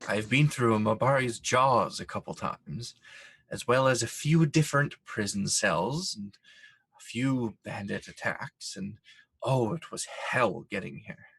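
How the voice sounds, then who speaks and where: A man playing in a tabletop game, speaking slowly and hesitantly. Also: medium pitch, creaky, fairly bright tone, slightly rough. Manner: slow and hesitant. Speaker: player. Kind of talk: tabletop role-play.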